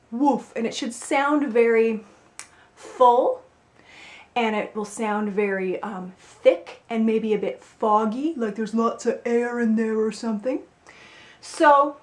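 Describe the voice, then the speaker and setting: A woman vocal coach giving a singing lesson, explaining clearly and with a playful, upbeat manner. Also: a little high. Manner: clear, upbeat instructive delivery with playful demonstrations. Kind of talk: singing lesson with spoken instruction. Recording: roomy echo with faint music.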